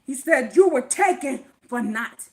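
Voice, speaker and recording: A woman preaching scripture with fervor, repeating words for emphasis and swinging from shouts to hushed whispers. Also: sits high, animated, a little slow.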